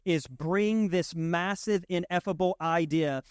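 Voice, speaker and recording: A man's voice: sits high, slow, clear, resonant tone, no room sound, clean studio sound. Conversational man preaching a sermon. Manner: conversational, checks in with listeners. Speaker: pastor.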